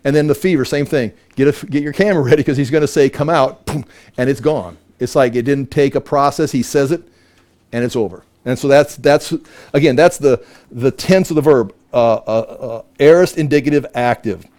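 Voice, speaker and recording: A man teaching a Bible study, emphatic and animated, often repeating words as he works through a point. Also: mid-range voice, a little fast.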